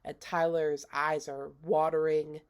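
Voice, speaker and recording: A woman giving a casual, unhurried recap of a film's plot, slipping into quoted lines and laughing now and then. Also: deep voice, flat delivery, smooth. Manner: unhurried, retells scenes with quoted voices and laughs. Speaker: movie reviewer.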